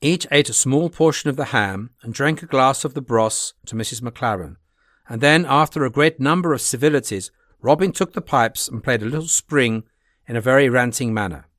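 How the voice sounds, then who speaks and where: A man narrating a classic adventure novel in a steady, plain reading voice. His pitch sits in the middle range. The recording is dry and close, with no audible room. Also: moderate pace, no room sound. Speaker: audiobook narrator. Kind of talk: audiobook narration.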